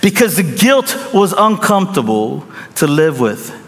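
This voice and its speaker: Serving as pastor, a man preaches a sermon in a big-sounding room, his voice on the high side and his pace measured. He tells a story with lively acted-out quotes and calls out to the congregation.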